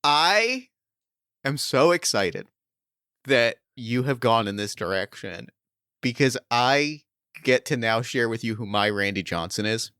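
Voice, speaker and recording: A man hosting a tabletop role-play podcast as game master, laughing often and talking in an excitable way. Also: medium pitch, unhurried, clear, resonant tone, dry recording, studio quality.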